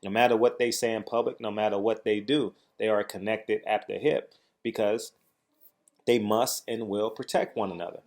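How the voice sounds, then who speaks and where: A man's voice: lowish voice, fairly even intonation, normal speed, a little mellow. A man hosting a heated boxing commentary vlog, speaking in an agitated, emphatic way and repeating phrases for stress. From United States. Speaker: boxing commentator, channel host.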